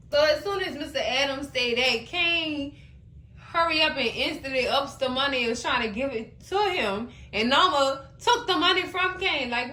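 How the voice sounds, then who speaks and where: A woman hosting a casual TV recap, animated and exclaiming as she retells the episode. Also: high-pitched, moderate pace, roomy sound. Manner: animated, exclaiming and laughing between comments. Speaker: TV recap host.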